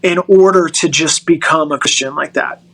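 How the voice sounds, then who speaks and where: Middle-aged male guest, high and bright, animated storyteller who restarts his sentences. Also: normal speed, rough recording. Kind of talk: personal storytelling in a podcast interview.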